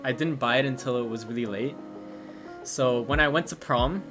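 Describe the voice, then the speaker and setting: A young adult streamer casually telling a story while crafting at home, animated and laughing, with plenty of swearing and filler words. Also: medium pitch, normal speed, over music.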